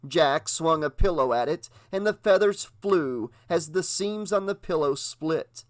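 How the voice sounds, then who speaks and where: A man narrating an audiobook with a dramatic, expressive reading. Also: on the high side, unhurried, dry recording. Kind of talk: audiobook narration with character voices.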